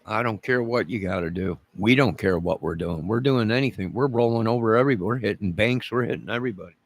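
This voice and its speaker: A man's voice: fairly low pitch, quick pace, dry recording. A man delivering an angry, profane, repetitive rant to camera, making demands over and over. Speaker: vlogger.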